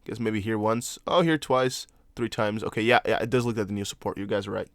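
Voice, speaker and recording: This crypto livestream host is a young adult man whose first language isn't English, speaking a little fast in a lowish, steady voice. The studio-quality recording has no room sound, and he chats casually, answering viewer comments, restarting himself and adding apologetic asides.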